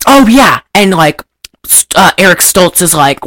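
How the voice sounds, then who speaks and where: A woman's voice: fairly low pitch, measured pace. A woman hosting a casual chat, rambling through a film recap and slipping into mock voices. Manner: rambling and animated, breaks into loud laughter and mock accents. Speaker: podcast host recapping a film.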